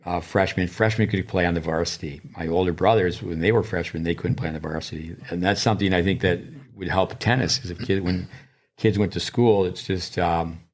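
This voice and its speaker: A man's voice: deep voice, fairly even intonation, brisk. An older man, a tennis coach and podcast co-host, telling long digressive stories in casual chat, with many restarts.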